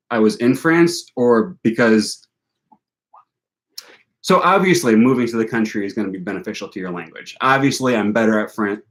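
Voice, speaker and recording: A young man from Wisconsin, talking casually in a vlog, rambling with lots of fillers and restarts. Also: mid-range voice. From Wisconsin, United States. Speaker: language vlogger.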